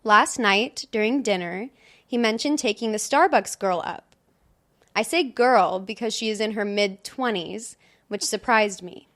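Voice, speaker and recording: A woman's voice: medium pitch, a little slow, fairly bright tone. A young woman co-hosting a casual podcast, reading stories aloud in a chatty way and laughing often. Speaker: podcast co-host.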